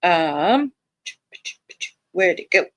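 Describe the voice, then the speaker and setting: An American woman runs a live reading stream, casually chatting and brightly reading out comments from viewers in a friendly way. She speaks very slowly in a low voice yet sounds very animated, with no echo.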